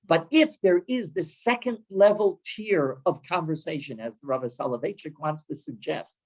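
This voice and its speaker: Animated husky rabbi teaching a class. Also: male voice, a little high, poor audio. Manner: animated, with many Hebrew terms and quick laughs. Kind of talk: lively Torah class lecture. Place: synagogue.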